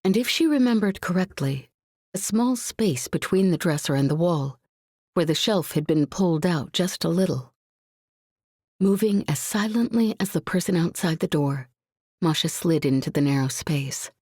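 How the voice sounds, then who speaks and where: A woman narrating a suspenseful science fiction audiobook in a measured, tense reading. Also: fairly low pitch, animated, a little mellow, dry recording, clean studio sound.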